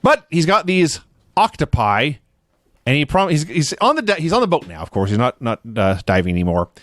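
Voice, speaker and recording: A man co-hosts a casual podcast, rambling through his points with restarts. His voice sits a little high and bounces around with lively pitch. The sound is close and dry. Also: fairly quick, no echo. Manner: rambling, restarts, chuckles at his own jokes. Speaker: podcast co-host reviewing wrestling shows. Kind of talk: casual chat.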